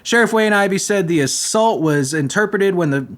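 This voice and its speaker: Crude, mocking podcast guy with a lively voice. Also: high-pitched, moderate pace. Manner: crude, mocking rants between read-out news. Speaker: podcast host. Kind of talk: comedic news commentary.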